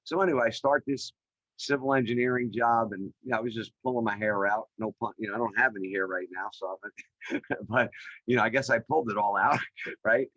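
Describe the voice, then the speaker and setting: A middle-aged man, a podcast guest, telling his career story in an energetic, chatty way with many fillers over a video call. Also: on the low side, brisk, no room sound, dull audio. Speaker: podcast guest, real estate developer. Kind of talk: animated storytelling in an interview. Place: remote call.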